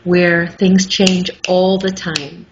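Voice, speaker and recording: Middle-aged woman, clear articulate storyteller, interview guest on a slightly muffled line with faint hiss. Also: on the low side, level tone, slow pace. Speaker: guest, audiobook narrator. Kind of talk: casual interview chat. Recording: muffled with faint background noise.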